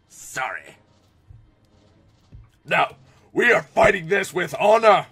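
Excitable man, game commentary, high lively voice, bright tone, light music behind. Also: slow pace, pauses often, slightly rough. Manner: excitable, swearing, joking to himself. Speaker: gameplay commentator. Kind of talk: let's play commentary.

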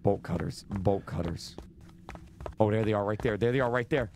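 A man's voice: on the low side, moderate pace, a little mellow, a little hiss or hum. Jittery young man streaming a game. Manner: jittery, repeats himself, nervous exclamations. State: losing his voice. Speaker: gaming streamer. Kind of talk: live horror game commentary.

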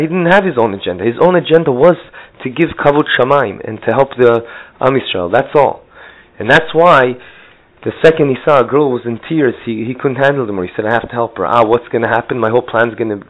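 A man's voice: medium pitch, highs cut off. A man, a rabbi, telling a story in a Torah talk, acting out the quotes and using many Hebrew and Yiddish terms.

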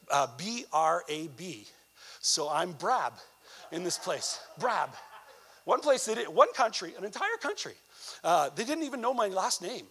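Canadian male evangelist, high-pitched, preaching with conversational asides and emphatic near-shouted peaks. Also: slightly rough. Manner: conversational asides with frequent "you know". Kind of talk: sermon.

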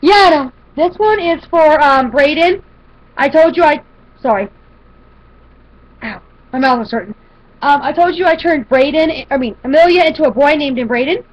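A woman's voice: sits high, moderate pace, pauses often. A woman chatting casually to camera as she shows a shopping haul, rambling with fillers and restarts. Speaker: vlogger showing a shopping haul. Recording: dull lo-fi home video audio.

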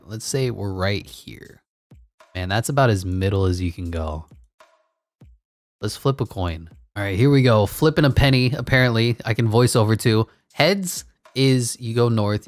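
Deep-ish guy hyping up a basketball sim game like a sportscaster, cracks jokes, dead dry mic. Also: no room sound. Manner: excitable, rising to big shouts on key moments; jokey asides and laughs between calls. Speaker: gaming channel host. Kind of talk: play-by-play commentary over a basketball video game.

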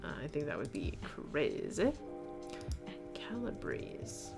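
Female streamer, chatty and giggly, lowish pitch with gravelly fry, reads chat aloud over faint guitar. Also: huge pitch swings, slow pace. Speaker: knitting livestream host. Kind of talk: casual chat, reading viewer comments aloud.

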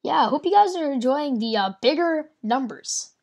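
A woman casually commenting on her own card game as she plays, thinking out loud and teasing her opponent. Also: sits high, lively intonation, moderate pace. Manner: chatty, thinks aloud, playful trash talk. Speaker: gameplay commentator. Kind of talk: casual let's-play commentary.

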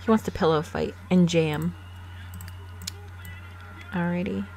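A woman's voice: on the low side, fairly even intonation, slow, creaky, darkish tone. A woman casually commenting on her life-simulation game, playful and sassy, laughing often as she bosses her characters around. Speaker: gaming channel host. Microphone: desk microphone.

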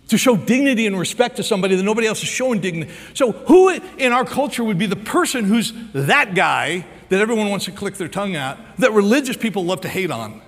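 An American man preaching a sermon as pastor, acting out the story's dialogue with lively energy. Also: high voice, in a large hall. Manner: animated preacher, acts out dialogue.

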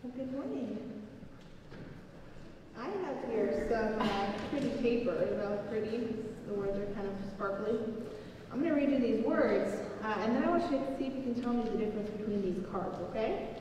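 A woman pastor giving a children's message, explaining gently and slowly to children in a church sanctuary. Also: a little high, lively intonation, noisy background. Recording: echoey church hall from far off.

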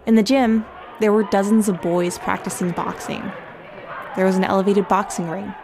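A woman giving a measured, dramatic scripted podcast narration. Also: mid-range voice, steady tone, creaky, slight background noise. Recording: podcast narration over music.

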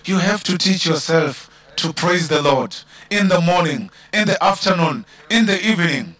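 A man with a South African English accent preaching a church sermon, drawing out key words with slow emphasis and calling out hallelujah. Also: on the high side, animated, a bit bright, no room sound. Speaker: pastor.

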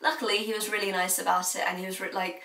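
A woman's voice: medium pitch, level tone, quick pace, bright, forceful tone, far from the mic. Chatty teen girl, roomy sound. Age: late teens. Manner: chatty and confiding, laughs now and then. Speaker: student vlogger. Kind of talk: candid advice vlog. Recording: roomy, mic set back.

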